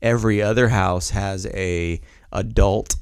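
Brief: young male podcast co-host, lowish voice, dry close mic, jokey dad who mimics people. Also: fairly even intonation, unhurried, clean tone, dry recording. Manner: jokey, slips into high silly voices for his daughter. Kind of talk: casual chat.

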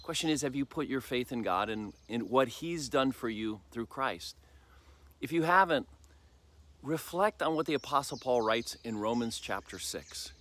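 An older man, a pastor, preaching a sermon in an earnest, reflective way with pauses and emphatic rises, with faint noise behind him. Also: medium pitch, lively intonation, a bit bright.

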